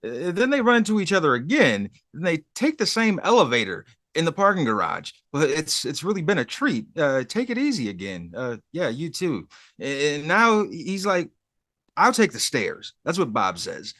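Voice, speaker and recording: A podcast co-host with a fairly high, somewhat bright voice casually recaps a TV episode, acting out the characters' lines with wildly swooping pitch. He speaks at a normal speed, and the studio sound is clean with no echo.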